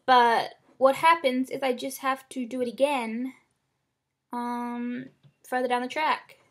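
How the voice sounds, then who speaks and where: A woman's voice: high voice, fairly even intonation, slow, fairly bright tone. A young woman venting to the camera about failing, upset, rambling and frank, swearing often, recorded at close range in a small room. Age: young adult. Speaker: vlogger.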